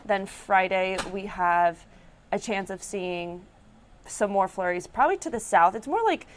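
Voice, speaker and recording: A woman's voice: medium pitch, animated, measured pace, slight background noise. Chatty New York woman reporter. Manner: chatty, laughs while telling stories. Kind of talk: casual on-air chat.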